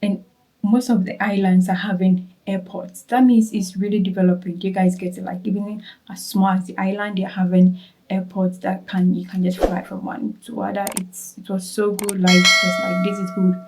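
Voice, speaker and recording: A woman's voice: mid-range voice, level tone, moderate pace, rough recording. Young Ghanaian woman, Ghanaian accent, casual travel vlogger, chatty, repeats for emphasis, talks straight to viewers. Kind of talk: casual travel vlog chat.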